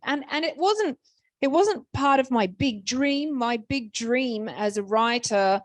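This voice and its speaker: A woman with an Australian accent, speaking as an author on a panel. She tells lively anecdotes, acts out the people she quotes, and often restarts her sentences. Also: on the high side, takes it slowly, dry recording.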